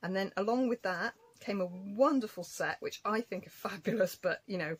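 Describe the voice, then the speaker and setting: A woman's voice: medium pitch, moderate pace, slightly rough, low-quality recording. A woman vlogger chatting casually as she shows off her crafts and stamps, rambling and correcting herself. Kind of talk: casual show-and-tell chat.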